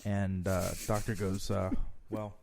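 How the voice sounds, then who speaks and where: A man, a guest in a casual chat, telling jokes in a relaxed, playful way. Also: on the low side, moderate pace, a little hiss or hum.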